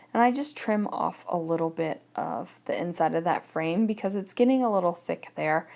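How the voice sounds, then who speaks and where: With a creaky, lowish and somewhat mellow voice, this woman talks casually over footage of her scrapbooking project. She muses aloud as she goes, keeping the narration easygoing and conversational.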